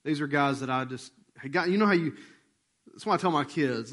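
A male pastor telling a personal story in a sermon, casual and animated. He acts out remembered conversations and drops to a hushed voice for tender moments. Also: a little high, brisk.

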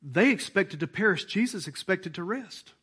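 Male pastor, hoarse and animated, high-ish voice, preaching to his church. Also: normal speed. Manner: animated, acts out voices and asides. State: hoarse, voice worn out. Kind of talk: sermon.

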